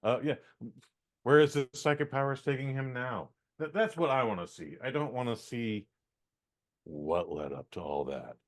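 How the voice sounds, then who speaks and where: A man's voice: mid-range voice, normal speed. A man from San Francisco co-hosting a casual podcast, rambling bluntly and swearing. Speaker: podcast co-host.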